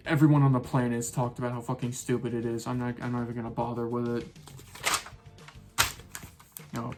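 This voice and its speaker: Guy ranting about a movie, swears a lot, sarcastic and fed up, normal pitch voice. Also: mellow. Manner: sarcastic, profane, exasperated. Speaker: movie reviewer. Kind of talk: casual ranting film review.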